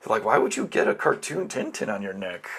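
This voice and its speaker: Fast-talking man telling a rambling story. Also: on the low side, sing-song, gravelly, fairly bright tone, husky. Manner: rambling, lots of fillers and restarts. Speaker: podcast guest, tattoo collector. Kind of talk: casual storytelling.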